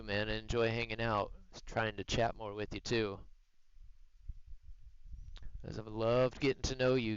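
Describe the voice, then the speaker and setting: A man's voice: lowish voice, smooth, no room sound, muffled recording. A man hosting a livestream, chatting in a laid-back, rambling way from home. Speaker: livestream host. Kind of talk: casual livestream chat.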